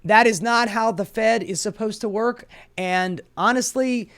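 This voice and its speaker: A woman's voice: fairly high pitch, unhurried. A woman hosting a political commentary show, ranting in a sarcastic, profane way.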